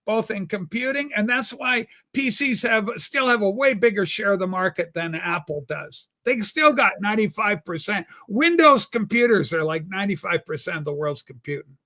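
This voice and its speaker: A man's voice: high-pitched, lively intonation, moderate pace, hardly any pauses, bright, forceful tone. A man hosting a casual podcast chat, rambling and enthusiastic. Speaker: show host.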